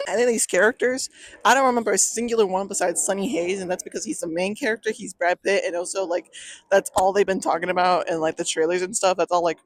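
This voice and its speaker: A woman's voice: mid-range voice, steady tone, quick pace, no room sound. Sarcastic, foul-mouthed young woman reviewer. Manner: sarcastic, profane, frequently laughing. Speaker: film reviewer. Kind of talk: casual rant-style movie review.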